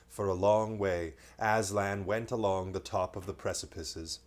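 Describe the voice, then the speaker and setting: Man, bedtime story reader, relaxed read-aloud, joking asides between passages. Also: low-pitched, unhurried, hardly any pauses. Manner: reads aloud, breaking off for playful joking asides. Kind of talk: bedtime story reading, livestreamed.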